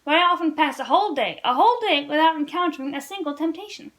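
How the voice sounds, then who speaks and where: Storybook read-along: a woman voicing a witty young French noblewoman, high and bright-toned, gaily teasing. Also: animated, fast talker, rough recording. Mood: wry. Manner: merry, teasing, gaily bantering. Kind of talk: read-aloud storybook dialogue.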